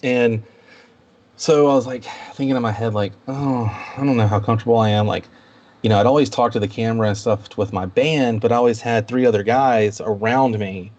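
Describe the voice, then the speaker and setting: A man chatting casually as a podcast guest, telling animated stories and acting out what others said. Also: brisk, muffled recording. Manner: animated storyteller, quotes people in a higher voice. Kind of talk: casual chat.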